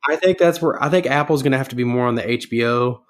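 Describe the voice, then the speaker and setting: A man's voice: medium pitch, fast. A man in an easygoing podcast chat with a mid-range voice. He is chatty and often breaks off his sentences to start them again. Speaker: podcast co-host.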